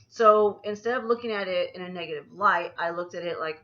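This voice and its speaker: A woman's voice: lowish voice, brisk, few pauses, fairly bright tone, highs cut off. A woman anxiety coach talking casually to camera in a personal vlog, rambling as she talks herself through her feelings.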